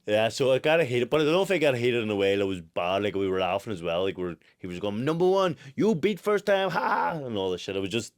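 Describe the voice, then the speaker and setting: A young man with a Northern Irish accent, telling stories in casual podcast chat, swearing freely and laughing loudly. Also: lowish voice, quick pace, hardly any pauses, clean tone, dry recording, clean studio sound. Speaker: podcast co-host, boxer.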